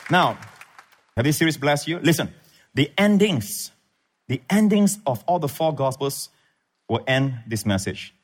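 A man preaching a sermon as pastor, emphatic, swinging between loud peaks and low asides. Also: sing-song, a little slow, long pauses. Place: church.

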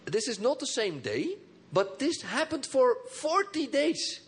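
A man preaching a sermon in an animated way, often laughing and repeating his words. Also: very high-pitched, unhurried, breathy edge.

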